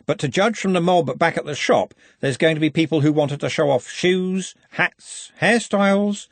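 A man's voice: a little high, normal speed, no room sound, pitched above the performer's own voice, natural voice. A man doing a cheeky, thirsty wisecracker. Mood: sardonic. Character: sly thirsty man, fashion hanger-on.

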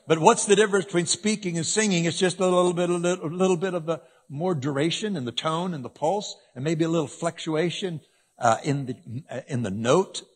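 Husky-voiced man preaching a lively sermon. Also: a little high, big-room sound. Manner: animated preaching with sudden shifts between loud emphasis and hushed asides.

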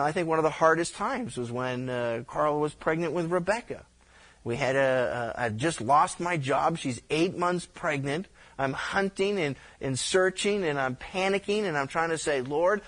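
A middle-aged male pastor preaching a conversational sermon, telling stories with frequent restarts and stammers. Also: a little high. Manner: conversational, animated storytelling with repeated restarts.

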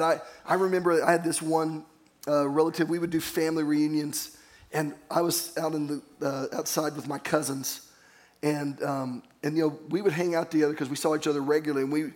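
A man's voice: fairly high pitch, level tone, a little fast. A man pastor preaching a sermon, earnest and storytelling, calling on the congregation to repeat phrases after him.

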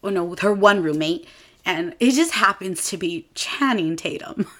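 A woman's voice: expressive, moderate pace, fairly bright tone. A woman in her twenties, hosting a podcast and retelling a movie in a casual chat, using lots of filler "like"s. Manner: chatty, with many filler "like"s; acts out characters' lines in a higher voice. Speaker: podcast host.

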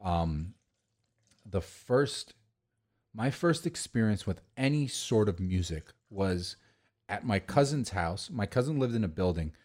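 A man's voice: on the low side, expressive, measured pace, darkish tone. A young man tells long, rambling stories on a casual drinking podcast. He swears freely and leans on fillers like "like" and "dude". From New York, the Bronx. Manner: rambling storytelling, crude swearing, many fillers. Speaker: podcast co-host.

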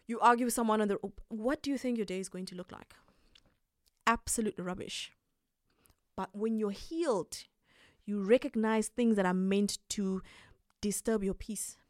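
A woman hosting a casual advice monologue, animated and quick to laugh as she acts out little scenes. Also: on the high side, no room sound, studio quality. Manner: animated, acts out quoted reactions, laughs often. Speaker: podcast host.

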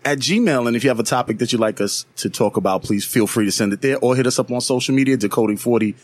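Husky-voiced man hosting a podcast. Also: mid-range voice, fast, dry recording. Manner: easygoing, leads the show. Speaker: podcast host. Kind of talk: casual chat.

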